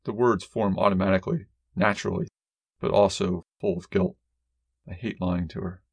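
A man reads a first-person story aloud in a measured, wry, deadpan manner. His voice sits on the low side. The recording is dry and close, with no room sound. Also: creaky, dry recording. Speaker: audiobook narrator. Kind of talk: first-person fiction narration.

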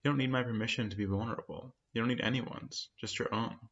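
A man reading the lines of a tender young woman who pleads softly with her lover, in a soft, earnest, often hushed manner. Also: medium pitch, fairly even intonation, fast, close to an everyday voice. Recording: dull lo-fi sound.

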